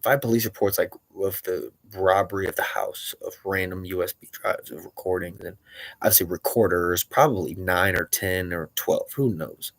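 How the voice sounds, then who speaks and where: A man's voice: medium pitch, no echo. A man talking in an agitated, profane, rambling monologue, often stopping to correct himself.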